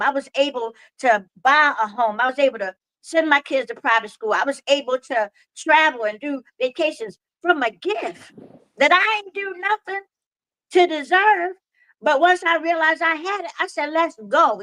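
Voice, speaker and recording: High-voiced woman comic with slight lisp. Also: dry recording, rough recording. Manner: animated, comedic, preacher-like cadence. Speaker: comedian guest. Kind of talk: casual storytelling chat. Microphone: video call.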